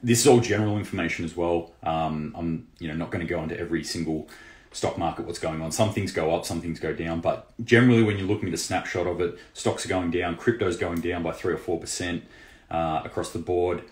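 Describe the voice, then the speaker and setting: A man's voice: sits low, fairly quick. A man hosting a casual news roundup for a prepping channel, loose and conversational with lots of fillers and restarts. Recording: roomy echo.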